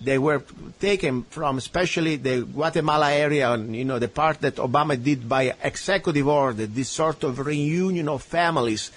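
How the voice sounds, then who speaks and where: On his talk radio show, an Italian-accented man from Italy rants at a guest with sarcasm and emphasis. His voice is a little high, he talks at normal speed, and he barely pauses.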